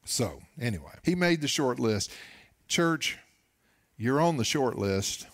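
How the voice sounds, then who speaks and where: A man's voice: medium pitch, lively intonation, slow, no room sound, clean studio sound. Folksy man preaching a radio sermon. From Oklahoma. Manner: folksy storytelling preacher, swings from hushed to emphatic. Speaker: pastor.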